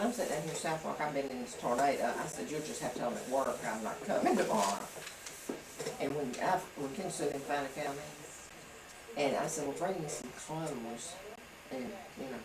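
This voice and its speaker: A woman telling a long story at home in casual talk. She rambles and acts out what people said. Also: sits low. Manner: rambling, acts out quoted dialogue. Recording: roomy home video from a distance, background noise.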